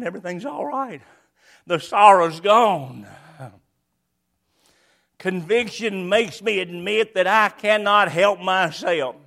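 Older male preacher, high voice, repeats his points hard, then drops to near-whisper. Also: gravelly. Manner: emphatic, repetitive, swings between loud and hushed. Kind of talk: sermon.

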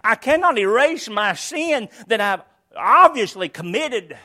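Older guy preaching, pretty high voice for a man, says things over and over with a lot of push. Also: very animated, a little slow. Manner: emphatic, repetitive, swings between loud and hushed. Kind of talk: sermon.

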